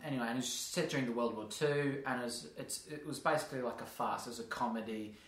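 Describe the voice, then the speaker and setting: A man's voice: mid-range voice, quick pace, a bit bright. A man hosting a podcast, chatting casually and rambling with frequent laughs. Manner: rambling, laughs often, playful voices for examples. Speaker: podcast host. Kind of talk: casual chat. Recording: roomy echo.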